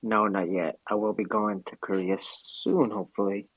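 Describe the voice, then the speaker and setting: A man's voice: fairly low pitch, little pitch movement, moderate pace, fairly bright tone, no echo, poor audio. A man chatting casually on a live audio call, laid-back and slangy, stumbling over his words. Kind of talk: casual chat.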